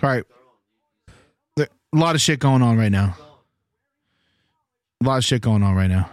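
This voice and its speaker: A man co-hosting a sports podcast, excitable and profane, pleading and arguing in casual chat. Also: medium pitch, normal speed, no room sound, studio quality. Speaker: podcast co-host. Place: garage.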